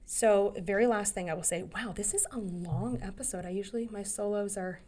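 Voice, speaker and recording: A woman's voice: medium pitch, brisk, darkish tone. A woman in her thirties hosting a solo podcast, giving earnest, rambling advice straight to her listeners. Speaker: podcast host.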